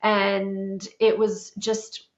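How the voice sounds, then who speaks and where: A woman's voice: medium pitch, monotone, extremely slow, gravelly. A woman in her thirties from South Dakota, hosting a podcast and telling her own story in a chatty, candid way, full of "like" and the odd swear word. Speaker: podcast host. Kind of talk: casual personal storytelling. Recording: roomy, slightly dull podcast sound.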